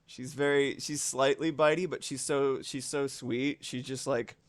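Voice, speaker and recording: A man's voice: mid-range voice, normal speed, few pauses, no echo. A man streaming live from home, chatting casually with his audience and swearing now and then.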